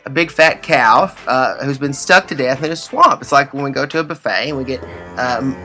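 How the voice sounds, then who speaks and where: A man's voice: mid-range voice, moderate pace, pushed and bright, soft background music. A man co-hosting a comedy podcast, trading jokes in a theatrical, self-mocking way. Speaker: podcast co-host. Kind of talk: comedic banter.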